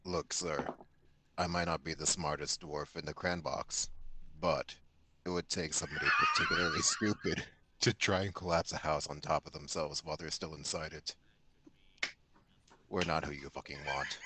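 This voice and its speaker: A blunt, foul-mouthed dwarf, played by a man in a tabletop game, with a very deep voice that swoops wildly up and down as he argues. The gruff tone sits over a noisy background. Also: huge pitch swings, normal speed, exaggerated voice. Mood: exasperated. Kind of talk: in-character tabletop role-play.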